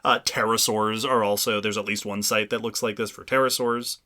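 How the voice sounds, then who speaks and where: A man's voice: on the low side, steady tone, fairly quick, pushed and bright. A man co-hosting a casual podcast, explaining at length with frequent restarts. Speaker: podcast co-host. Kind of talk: casual chat.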